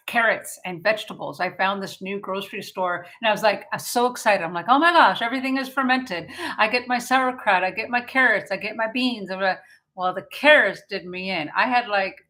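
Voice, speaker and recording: A bright, forceful woman in her fifties hosts a casual live-stream health chat. She talks in an animated, chatty way, full of fillers, and often acts out her own thoughts. Her voice sits at a middle pitch. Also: poor audio. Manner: chatty and animated, with many fillers and quoted self-talk. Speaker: naturopathic doctor and show host.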